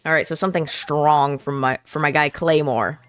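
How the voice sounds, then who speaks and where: A woman's voice: low voice, fairly even intonation, moderate pace, a bit bright, smooth, faint music behind. A woman streaming a narrative game with casual, chatty, self-deprecating commentary. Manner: chatty and self-deprecating, full of fillers and giggles.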